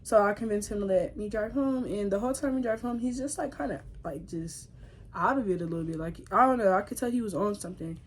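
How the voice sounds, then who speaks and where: A young woman telling a personal story to her viewers in a casual vlog. She talks in slang, addresses the audience directly and often drops to a soft, tearful voice. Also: medium pitch, fast, a little hiss or hum.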